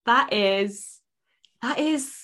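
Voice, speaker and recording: A woman co-hosting a podcast in casual chat, animated, swearing freely and trailing off into fillers. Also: a little high, very slow. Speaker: podcast co-host.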